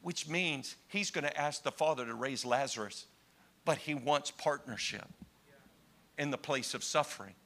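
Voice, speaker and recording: A man preaching a sermon to his congregation, swinging between hushed, slow lines and impassioned cries. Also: medium pitch.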